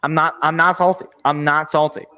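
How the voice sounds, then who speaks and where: A young man with a high, bright voice reacts live as a sports show host. He rambles with exasperated sarcasm, jumping from gripe to gripe. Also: flat delivery, fairly quick, clean tone.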